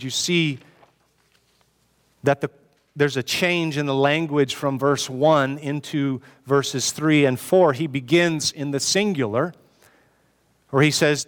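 In an echoing hall, an earnest pastor delivers a sermon in a smooth, somewhat high voice. He pleads with listeners and keeps returning to rhetorical questions.

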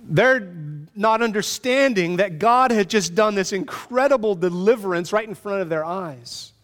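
In a reverberant hall, a high-voiced pastor preaches at normal speed. His sermon is animated and conversational, sprinkled with rhetorical questions.

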